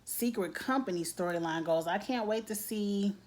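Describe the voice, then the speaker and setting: A woman's voice: mid-range voice, normal speed, a little mellow. A woman giving a casual, blunt TV episode recap, acting out characters' lines with lots of slang. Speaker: TV recap vlogger.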